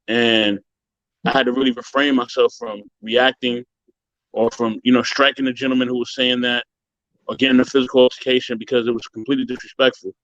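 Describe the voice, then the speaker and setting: A man on a video call earnestly recounting a hurtful experience, emotional and halting, often saying "you know". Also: medium pitch, fairly bright tone, dry recording, dull audio. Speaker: guest sharing a story. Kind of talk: personal story on a video call.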